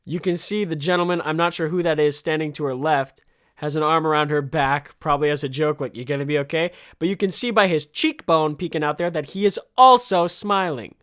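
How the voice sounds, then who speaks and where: A man's voice: a little high, a little fast, a bit bright, clear, resonant tone. A young man hosting a podcast, riffing in sarcastic, casual comedic commentary and swearing freely. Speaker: podcast host.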